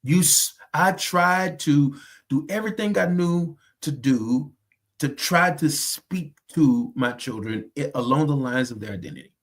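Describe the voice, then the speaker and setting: A man's voice: fairly high pitch, lively intonation, measured pace. A man from the United States hosting a faith podcast, talking in an earnest, emphatic, preacherly way. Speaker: host.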